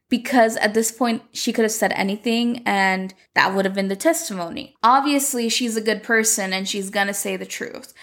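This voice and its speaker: Woman, native Spanish speaker, casual recap vlog, fry-heavy voice, lots of "like". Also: mid-range voice, fairly bright tone. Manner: chatty, lots of "like", opinionated asides. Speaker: vlogger recapping a telenovela.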